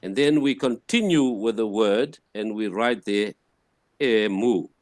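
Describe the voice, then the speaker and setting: A man teaching a language class, patiently repeating words slowly to model their pronunciation. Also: on the low side, dry recording, clean studio sound. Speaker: Greek teacher. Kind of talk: classroom lecture.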